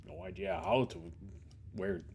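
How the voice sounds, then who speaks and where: A man's voice: on the low side, unhurried, vocal fry, a little hiss or hum. A man giving casual gameplay commentary as a streamer, rambling and riffing, with some swearing. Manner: rambling, animated, swears and riffs. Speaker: gaming streamer.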